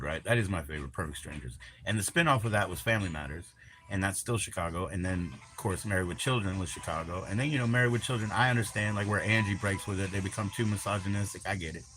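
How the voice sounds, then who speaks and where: A man's voice: low voice, fairly bright tone, a little hiss or hum. A man hosting a live stream, chatting in a crude, rambling, teasing way and swearing constantly. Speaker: livestream host.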